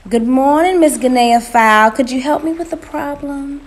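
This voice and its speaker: A woman's voice: fairly high pitch, measured pace, dark tone. A woman voicing a crafty little male spider who talks in a sugary, wheedling way, in a noisy recording. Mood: sugary pleading.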